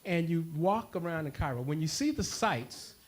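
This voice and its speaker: A man with a slightly high voice speaks to a congregation in an animated storytelling style. He laughs often and acts out both sides of a conversation. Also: normal speed. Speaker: worship speaker.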